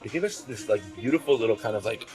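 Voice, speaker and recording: A man with a fairly low voice hosts a casual food vlog. His pitch jumps around animatedly, and he laughs easily. Clear music plays in the background. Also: lively intonation, quick pace. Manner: upbeat, laughs often. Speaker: food vlogger host. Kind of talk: casual food review chat. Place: restaurant dining table.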